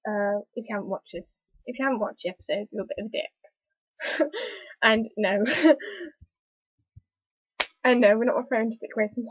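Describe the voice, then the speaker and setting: A woman talking casually in a review vlog, rambling and hesitant with lots of fillers, an excitable fan. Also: on the high side, normal speed, pauses often, husky, no room sound. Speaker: TV episode reviewer. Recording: dull lo-fi, dry recording.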